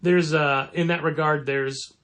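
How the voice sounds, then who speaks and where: A man co-hosting a comic shop podcast in casual chat, animated and acting out quoted lines in a raised voice. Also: fairly high pitch, a little slow.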